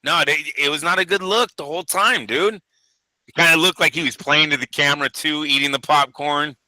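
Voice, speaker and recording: A man co-hosting a boxing talk show, loud and animated, swearing freely and acting out what people said. His voice is sharply bright and a little high, and it sounds dry and close to the mic. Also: brisk, no echo, rough recording. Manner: animated, swears a lot, acts out quotes. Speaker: co-host of a boxing news show. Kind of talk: casual profane chat.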